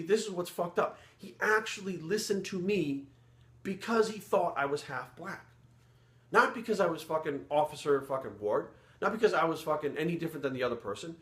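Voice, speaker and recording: His voice runs on the high side with a fairly bright tone, and the room echoes noticeably. He's a middle-aged ex-police sergeant from Providence, Rhode Island, telling a story in a blunt, casual, very profane way.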